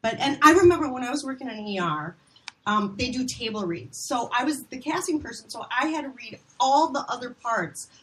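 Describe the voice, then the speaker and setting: A middle-aged woman from Minnesota tells animated, self-mocking stories, full of restarts and asides. Her voice sits high. A light noise floor hums behind her. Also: brisk. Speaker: casting director guest. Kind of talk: casual storytelling chat.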